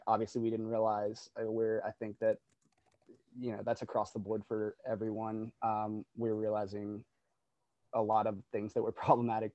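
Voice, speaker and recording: A man's voice: lowish voice, darkish tone, no room sound, highs cut off. A man who is a guest on a podcast, chatting casually and reflectively about the restaurant industry, laughing readily.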